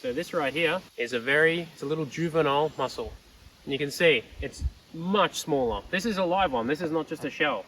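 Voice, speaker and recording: A young male PhD student does fieldwork in a swamp, chatting enthusiastically in a casual outdoor vlog and cracking self-mocking jokes. His fairly high, fairly bright voice moves briskly, picked up by a distant mic with faint outdoor noise.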